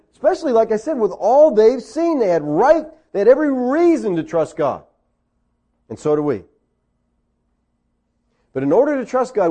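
A middle-aged man preaching a sermon, animated, with jokes and acted-out quotes. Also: sits high. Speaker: pastor.

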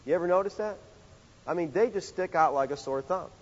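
A pastor delivers an animated sermon in a church sanctuary, his high-pitched voice brisk and conversational as he poses rhetorical questions. The sound is dull, with the long reverb of a large hall.

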